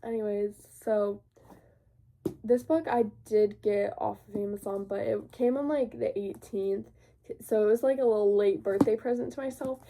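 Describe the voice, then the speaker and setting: Mid-range and mellow, this teenage girl speaks at a normal speed in a steady tone. She's a book vlogger with a cold, sniffling as she chats casually and rambles about her new books. Her manner is bubbly and full of fillers.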